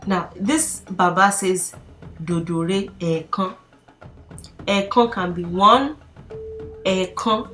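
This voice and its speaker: A woman's voice: medium pitch, slow pace, long pauses, bright, forceful tone, soft background music. A woman teaching a language lesson in a chatty, casual way, reading lines aloud and explaining them with frequent fillers and laughs.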